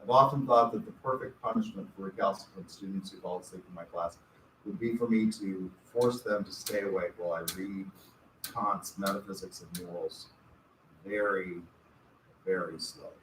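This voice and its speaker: A man's voice: low-pitched, moderate pace. A male college lecturer giving a conversational classroom lecture with wry, rambling asides. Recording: echoey classroom from far off, faint hiss.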